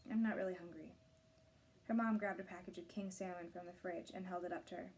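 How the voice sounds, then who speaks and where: A woman reading a novel aloud, narrating in a steady, clear storytelling voice. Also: on the low side, fast. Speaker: reader of a novel.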